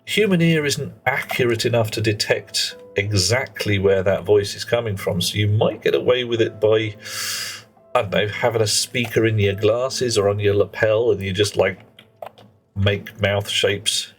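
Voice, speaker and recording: A man's voice: lowish voice, moderate pace, soft background music. A middle-aged man chatting and rambling in casual commentary while he plays a game on a live stream. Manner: rambling, chatty, muttering to himself while playing.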